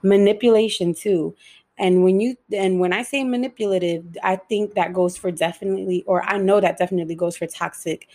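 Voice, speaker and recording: A young adult woman giving a frank, emotional personal monologue, swearing freely and shifting between fast and slow delivery. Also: mid-range voice, fairly even intonation, a little mellow.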